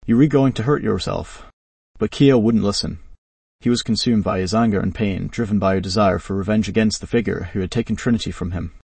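Low husky guy reading a story, dry sound, set back from the mic. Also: fairly even intonation, quick pace, a little mellow, dry recording, distant mic. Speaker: narrator.

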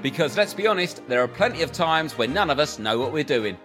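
A man's voice: fairly high pitch, sing-song, fairly quick, loud music behind the voice. A tired, hungover man co-hosting a podcast, chatting casually and telling a rambling, laugh-filled story. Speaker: podcast co-host. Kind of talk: casual comedic chat.

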